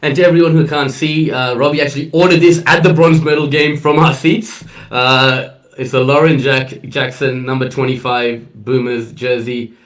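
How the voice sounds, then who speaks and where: A man's voice: medium pitch, fairly even intonation, moderate pace, few pauses. A man co-hosting a casual sports chat, upbeat and calling people man and bro. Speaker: podcast co-host. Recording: distant mic.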